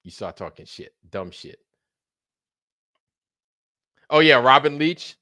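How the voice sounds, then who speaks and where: Male streamer, loose profane banter, animated delivery, dry close sound. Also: medium pitch, moderate pace, no echo. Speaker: livestream host. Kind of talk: casual chat.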